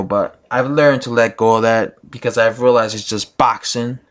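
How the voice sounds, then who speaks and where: A man's voice: fairly low pitch, moderate pace, vocal fry, few pauses, a bit bright. A man giving his opinions in a casual vlog, rambling with many fillers and restarts. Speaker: boxing YouTuber.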